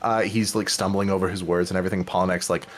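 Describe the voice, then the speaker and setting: A man narrating a tabletop game as game master in a casual, halting way. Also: deep voice, little pitch movement.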